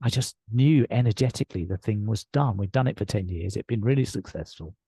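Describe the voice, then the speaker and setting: A man with an English accent, a guest on a podcast, telling his story in an earnest, reflective way with soft laughs. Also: lowish voice, brisk, creaky, husky, no room sound. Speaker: podcast guest, leadership coach. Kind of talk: conversational storytelling.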